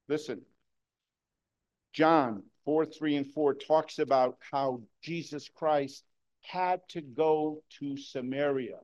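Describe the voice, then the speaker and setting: A man preaching a sermon to his congregation, moving between loud excited bursts and hushed, slow emphasis. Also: a little high, dull audio. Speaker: pastor.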